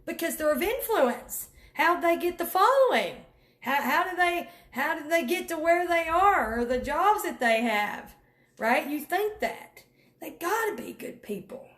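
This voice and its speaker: A woman's voice: very high-pitched, very animated, measured pace, fairly bright tone. A woman giving viewers an emphatic, preachy pep talk about network marketing, calling them honey and y'all. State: near tears at times. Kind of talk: direct-to-camera pep talk. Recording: echoey room.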